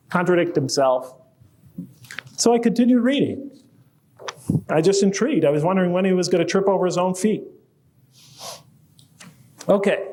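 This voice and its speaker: A middle-aged man giving a conversational public lecture, joking with the audience and rising to animated emphasis. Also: sits high.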